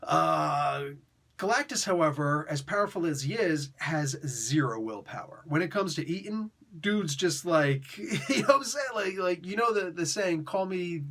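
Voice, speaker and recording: A man reviewing a comic in a casual, slangy way. He laughs often as he retells the story, with a bright, slightly high voice. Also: lively intonation, moderate pace, vocal fry.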